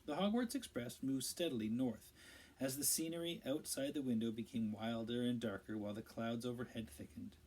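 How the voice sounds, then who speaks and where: A man narrating a storybook aloud in a steady, measured read-aloud style. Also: mid-range voice, low-quality recording. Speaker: audiobook reader.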